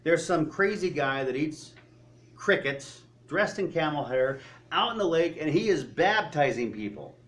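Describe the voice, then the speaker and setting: A man's voice: expressive, measured pace. Man preaching a storytelling sermon. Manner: storytelling, asks the listeners rhetorical questions; drops to a quiet, low voice for solemn moments.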